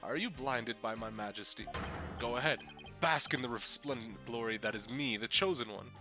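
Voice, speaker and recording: A man's voice: medium pitch, moderate pace, close to an everyday voice. A man voicing a pompous, self-important young male politician in a grandiose, theatrical way. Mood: haughty. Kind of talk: reading game dialogue aloud in voices. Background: game music.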